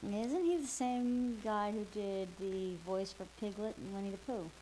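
A woman's voice: medium pitch, a little slow, crowd noise, low-quality recording. A woman co-hosting a local studio show, chatting casually and laughing easily. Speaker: co-host. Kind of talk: casual chat.

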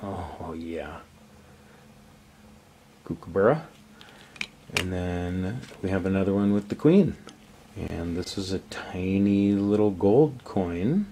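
A man with a low voice talks through his coin collection in an easy, unhurried way. He sounds chatty and openly delighted by what he shows, with a faint background hum. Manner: relaxed, chatty, enthusiastic about coins. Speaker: coin collecting channel host. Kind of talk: casual show-and-tell vlog.

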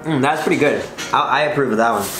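A young man co-hosting a casual vlog, playful and teasing, swearing casually and breaking into excited shouts. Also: mid-range voice, fast. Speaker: co-host. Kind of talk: casual vlog chat while taste-testing. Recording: roomy sound with music underneath.

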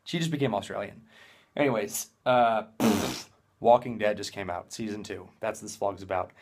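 A man's voice: fairly low pitch, moderate pace, slightly rough. A young man doing a casual vlog in a hyper, jokey, rambling way. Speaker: vlogger.

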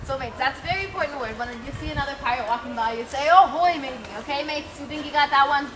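A woman performing as a pirate for preschoolers, calling them "mates" in a sing-song, coaxing way and getting them to shout pirate words. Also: high voice, racing. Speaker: pirate-themed children's entertainer. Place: outdoors at a field-trip venue. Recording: noisy, echoey outdoor home video. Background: loud crowd of small children.

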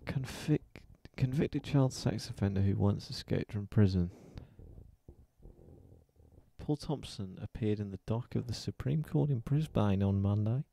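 Man, low pitch, dark mellow tone, crude joking banter, prank-call streamer. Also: a little slow, creaky. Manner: crude, joking, laughs at own lines. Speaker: streamer making prank calls. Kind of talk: casual live-stream banter.

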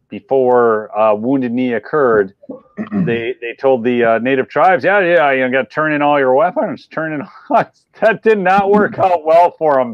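A man's voice: medium pitch, no room sound. A man hosting a casual podcast, emphatic and prone to hesitant fillers. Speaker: podcast host. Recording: dry lo-fi audio.

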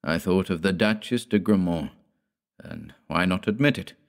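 Deep-voiced male horror storyteller. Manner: measured, deliberate storytelling. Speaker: audiobook narrator. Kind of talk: scripted narration of a gothic horror tale.

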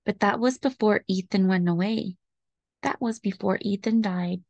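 Woman reading a picture book aloud, creaky. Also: medium pitch, normal speed, dry recording, lo-fi sound. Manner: gentle, expressive storytelling. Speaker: storybook reader.

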